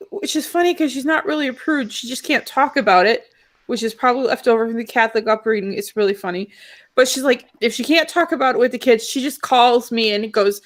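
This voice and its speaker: A woman with a slightly high voice chatting on a live stream. She tells a long, rambling story in a relaxed way and laughs easily. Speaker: stream guest. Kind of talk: casual live-stream chat.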